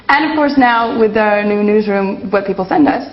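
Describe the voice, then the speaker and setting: A woman's voice: medium pitch, normal speed. A woman who presents a web show, chatting playfully and joking on a handheld mic in an office. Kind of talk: casual chat. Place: office newsroom. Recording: roomy, dull, slightly noisy office.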